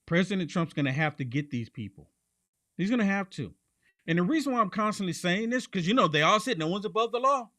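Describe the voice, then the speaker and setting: Man, political commentary host, high and lively voice, dry close sound, emphatic repetition. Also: fast talker, dry recording. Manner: animated, emphatic, repeats phrases for punch.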